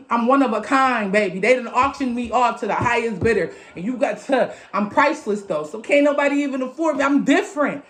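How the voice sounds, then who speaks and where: A young woman giving a loud, emphatic and profane tarot reading into her phone. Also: on the high side, expressive, brisk. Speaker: tarot reader. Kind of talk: casual motivational tarot reading.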